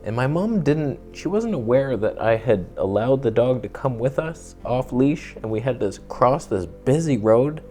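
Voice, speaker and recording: A man's voice: medium pitch, sing-song, a little slow, few pauses, mellow, faint music behind. A young man chatting casually to camera, telling rambling, jokey stories and swearing now and then. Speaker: vlogger.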